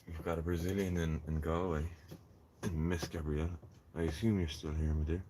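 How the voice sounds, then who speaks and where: Man, very deep voice, rambling jokey live stream chat, clear background noise. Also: fairly even intonation, fairly quick. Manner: rambling, joking, talks to viewers and a fly. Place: in a greenhouse in the rain.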